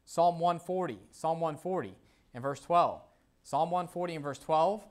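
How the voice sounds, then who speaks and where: A man's voice: fairly high pitch, normal speed, darkish tone. A man preaching a sermon as pastor, talking casually with frequent "okay?" and "you know", reading scripture aloud and repeating verse references. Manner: reads scripture aloud in King James wording; repeats verse references while the congregation finds them.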